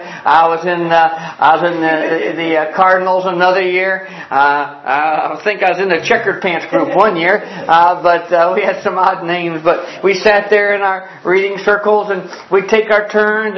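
A man's voice: high-pitched, echoey room, highs cut off. An older man preaching a sermon as a pastor, telling folksy classroom stories to make his points. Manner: folksy storytelling with classroom examples.

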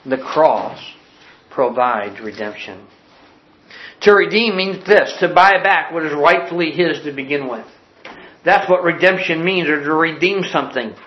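Male preacher, high voice, impassioned sermon, moving from hushed lows to soaring cries, dull roomy recording. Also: animated, measured pace.

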